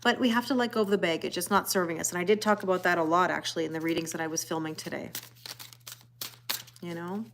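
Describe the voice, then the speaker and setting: A woman's voice: lowish voice, steady tone, fast talker, fairly bright tone, a little hiss or hum. A woman in her forties, chatty and laughing often, greeting viewers by name as she reads tarot cards on a live stream. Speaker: tarot reader. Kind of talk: casual live-stream card reading.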